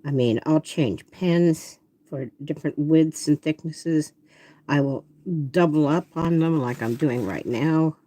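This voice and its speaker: Older woman, artist, warm tone, breathy, chatty, talks to herself while drawing. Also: low voice, a little slow. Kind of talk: casual drawing demonstration.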